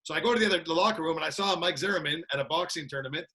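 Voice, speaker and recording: Upbeat male guest from Canada, fast and lively, slightly high, bright tone. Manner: upbeat, laughs a lot, repeats "that's it". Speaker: guest, martial arts trainer. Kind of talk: casual chat.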